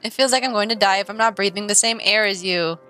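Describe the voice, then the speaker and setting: A woman's voice: mid-range voice, quick pace, pushed and bright, faint music behind, close to an everyday voice, poor audio. A woman reading as a shy, obsessive teen girl. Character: shy, obsessive teenage girl, turning possessive.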